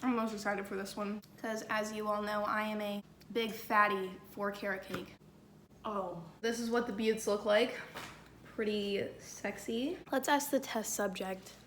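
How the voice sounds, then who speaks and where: A woman's voice: mid-range voice, fairly even intonation, unhurried, a little hiss or hum. A woman vlogging in her home kitchen as she bakes, rambling chattily with jokey asides. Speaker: cooking vlogger. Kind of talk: casual cooking vlog. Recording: echoey kitchen recording.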